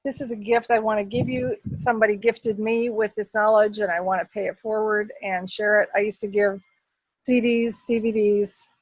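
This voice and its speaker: A middle-aged woman hosting a casual team video call, chatty and quick to laugh as she tells stories. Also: medium pitch, fairly even intonation, no room sound, poor audio.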